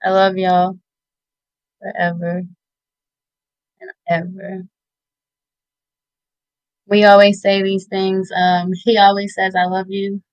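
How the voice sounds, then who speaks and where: Woman, 30s, slow, dry sound, tearful, heartfelt, interview guest. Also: medium pitch, level tone, no room sound, lo-fi sound. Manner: tearful, heartfelt, halting with many fillers. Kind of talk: emotional interview, giving shout-outs.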